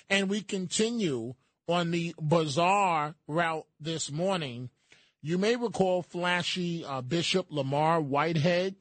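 A man's voice: fairly high pitch, a bit bright, dry recording. A man hosting an opinionated news commentary show, talking in a sardonic, emphatic way with frequent fillers and restarts. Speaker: host.

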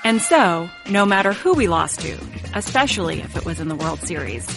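A woman's voice: fairly low pitch, animated, normal speed, gravelly, over music. A woman from New England narrating a sports documentary podcast in a wry, personal scripted style.

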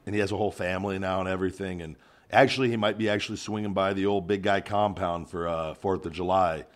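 A middle-aged man hosting a casual podcast, teasing and swearing freely in loud, joking banter. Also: low voice, fairly even intonation, fast talker. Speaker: podcast host.

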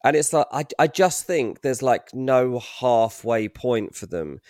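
A man co-hosting a football podcast as transfer pundit, analytical and hesitant, with many pauses and restarts. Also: mid-range voice, animated, darkish tone, no room sound, studio quality. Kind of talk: casual football podcast chat.

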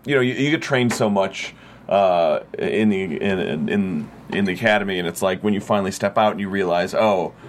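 A man with a lowish voice talking casually as a guest on a show. He is relaxed and laughs easily, with faint ambient noise behind him. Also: a little fast. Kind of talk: casual chat.

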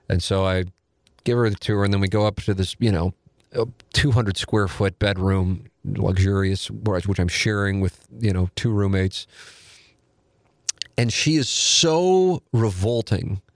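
A man's voice: fairly low pitch, dry recording, studio quality. A man in his forties, a podcast host, telling a rambling, self-deprecating and profane story in casual talk.

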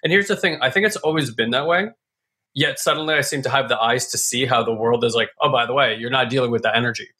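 A man's voice: medium pitch, quick pace, pushed and bright. A man casually telling a reflective personal story with lots of fillers and restarts. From California.

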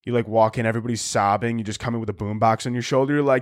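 A man's voice: mid-range voice, fairly even intonation, rapid-fire, few pauses, no room sound, clean studio sound. A young man hosting a solo comedy podcast, crude and mock-aggressive, often laughing at his own jokes. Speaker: podcast host.

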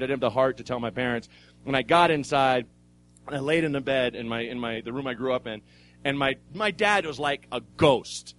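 A man's voice: a little high, a bit bright. A man doing stand-up in a comedy club, telling a rambling, self-mocking story with restarts and swearing. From Oregon, USA. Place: live comedy club stage.

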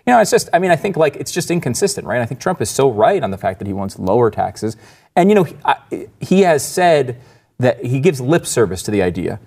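Gravelly husky man talking politics. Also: medium pitch, very animated, brisk, darkish tone. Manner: thinking aloud with many restarts. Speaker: co-host. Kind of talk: casual political chat.

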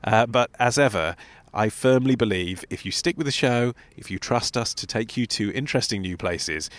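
A man's voice: fairly low pitch, no room sound. A man hosting a magazine podcast, introducing segments and teasing his guests with wry banter. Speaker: podcast host.

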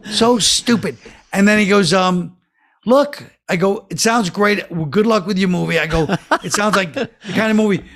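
A man, a guest comedian, telling a story in casual talk and quoting others in a flat, low voice. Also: moderate pace.

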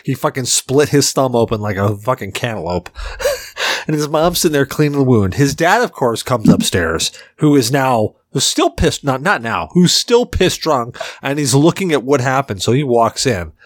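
Drunk podcast guy, swears a ton, laughs mid-sentence, pitch jumps all over, dry close sound. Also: normal speed, no room sound. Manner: profane, laughing, animated storyteller. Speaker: podcast co-host. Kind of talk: casual chat, storytelling.

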